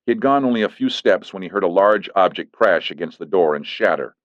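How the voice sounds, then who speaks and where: A man narrating an audiobook in a steady, even reading. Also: deep voice, a little fast, dry recording. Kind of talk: scripted narration. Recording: dull lo-fi, dry studio.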